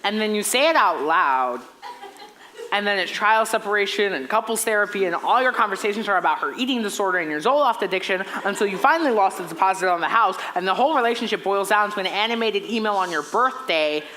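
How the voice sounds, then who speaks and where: A woman's voice: mid-range voice, lively intonation, fast talker, bright, forceful tone, slight background noise, poor audio. A young woman playing a lonely male musical fan who talks wistfully to the audience in a stage play. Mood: rambling. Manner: chatty, wistful asides to audience. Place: theater stage.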